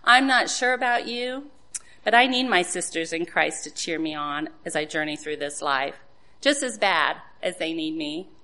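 A woman's voice: sits low, expressive, moderate pace, bright, forceful tone. A woman giving an earnest sermon to other women, asking rhetorical questions and citing scripture. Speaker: women's devotional speaker.

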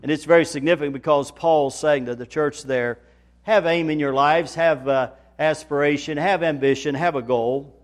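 A man preaching a sermon in a folksy manner, building to loud, emphatic repetition. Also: on the high side, steady tone, moderate pace. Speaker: pastor.

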